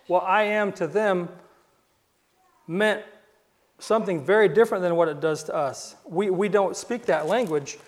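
A man with a high voice preaches a sermon in a loose, conversational storytelling way. He restarts phrases and repeats words, and he lowers his voice to a hush at the dramatic moments. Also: normal speed.

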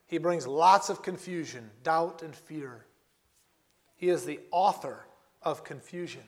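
A man preaching a sermon, earnest and repetitive, slowing down and repeating key phrases for emphasis. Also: fairly high pitch, creaky.

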